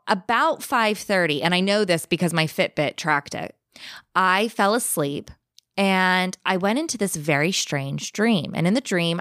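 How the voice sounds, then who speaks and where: Woman, slightly low voice, dry close mic, animated spooky storyteller in casual chat. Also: no room sound. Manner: animated, vivid, speeds up and slows down for effect. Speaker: guest telling a ghost story.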